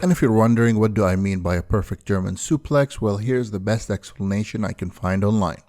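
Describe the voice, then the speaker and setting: A man giving a scripted video-essay narration as the host, counting down a list in a steady delivery over faint background music. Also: lowish voice, fairly quick. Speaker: anime and wrestling video host.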